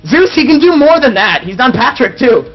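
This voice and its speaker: A man hosting a casual live-stream podcast, excitable and giggly. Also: very high-pitched, moderate pace. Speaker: podcast host. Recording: dull lo-fi stream audio with faint music.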